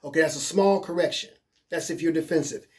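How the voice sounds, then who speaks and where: A man's voice: a little high, brisk. A man giving a coaching webinar in a casual, encouraging way, who repeats points and keeps checking in with "okay?". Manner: casual, encouraging, plain-spoken. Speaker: life coach.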